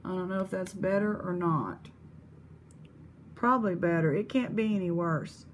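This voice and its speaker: A woman's voice: fairly low pitch, normal speed, a little hiss or hum. A woman chatting casually in a vlog, exclamatory and thinking aloud as she shows her finds. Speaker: vlog host. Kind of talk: casual vlog chat showing thrift finds.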